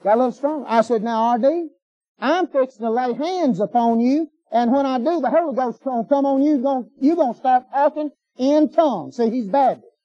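A man's voice: extremely high pitch, a little fast, warm tone, dry recording. A man preaching a sermon in a folksy, emphatic way, firing off rhetorical questions. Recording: dull lo-fi sermon recording.

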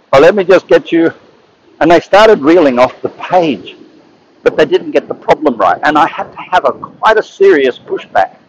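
A man's voice: on the high side, dull audio, a little hiss or hum. A man telling stories in a casual monologue, rambling and often repeating and restarting his words. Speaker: speaker sharing advice.

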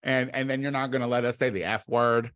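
A man from the United States delivering a casual comedic monologue as a podcast host. He rambles and swears, with sudden loud outbursts. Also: medium pitch, steady tone, fairly quick, dry recording, clean studio sound.

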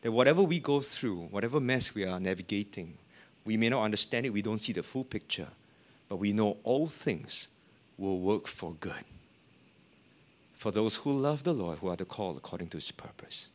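A man's voice: fairly low pitch, lively intonation, normal speed. A man preaching a sermon as a pastor, with an emphatic, rising and falling delivery.

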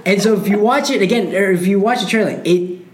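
A woman in casual podcast chat, telling an animated anecdote. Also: medium pitch, fast talker, echoey room. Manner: animated storyteller. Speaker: podcast co-host.

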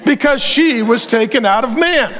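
Adam, the first man, begging in a hushed voice that sits a little lower than the high voice of the preacher putting him on. He comes across as earnest and awestruck. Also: normal speed, big-room sound.

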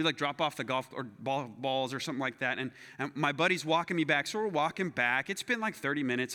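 A man preaching as a pastor, telling a personal story with self-deprecating humor and acting it out with lively voices. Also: on the high side. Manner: animated, acts out his own story with self-deprecating humor. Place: church sanctuary. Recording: long hall reverb.

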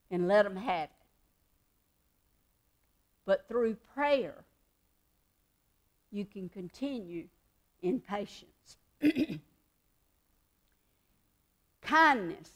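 Slow, earnest woman teaching devotionally. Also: mid-range voice. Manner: emphatic repetition. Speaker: Christian speaker.

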